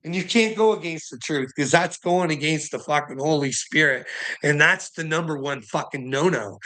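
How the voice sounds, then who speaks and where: Profane, bright-voiced man ranting. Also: fairly high pitch, normal speed. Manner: profane, laughing, emphatic. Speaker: livestreamer. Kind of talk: rambling livestream monologue.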